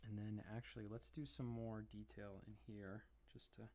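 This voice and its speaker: A man's voice: fairly low pitch, level tone, moderate pace, dark tone. A man live-streaming his drawing, rambling casually and chatting fondly to his cat between remarks about the work.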